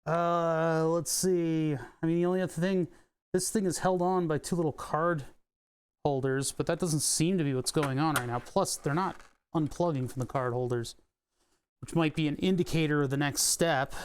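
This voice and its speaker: A man's voice: a little high, clean tone. A man from Philadelphia with his local accent, chatting casually while taking apart a piece of studio gear on a live stream, muttering to himself and swearing at stubborn bolts. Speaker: electronics repair streamer. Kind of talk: casual live teardown chat.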